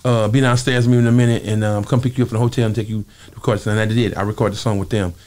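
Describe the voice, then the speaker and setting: A man telling stories from his music career in a casual interview, animated and full of asides. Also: fairly low pitch, racing. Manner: animated storyteller, acts out quoted voices. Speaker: interview guest, former singer.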